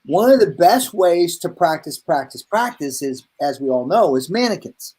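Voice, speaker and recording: A man hosting a casual video-call chat, telling stories with lively acted-out bits. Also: a little high, moderate pace, slight background noise. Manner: animated storyteller, acts out voices in his anecdotes. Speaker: host, hair educator.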